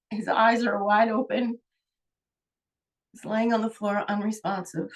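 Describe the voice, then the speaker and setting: A woman's voice: mid-range voice, level tone, a little slow, long pauses, far from the mic. A middle-aged woman, a holistic healer, telling a personal story in an emotional, rambling way, with sighs.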